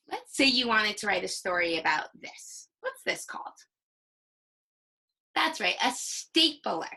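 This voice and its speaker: A young woman teaching a recorded reading lesson to young children, slowly sounding out the starts of words. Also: medium pitch, vocal fry, slightly rough, poor audio. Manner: slow, animated, sounds out words.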